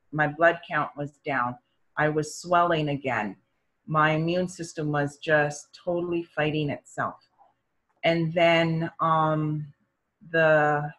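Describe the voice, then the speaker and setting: A middle-aged woman with a low voice tells her own health story conversationally on a low-quality recording. She's animated, acting out the quoted voices of doctors and parents as she shares her experience.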